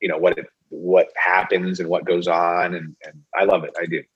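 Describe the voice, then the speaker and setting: A man's voice: low-pitched, level tone, moderate pace, breathy edge, highs cut off. A man, a TV actor guest on a podcast, talking casually and rambling with lots of fillers. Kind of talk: casual interview chat.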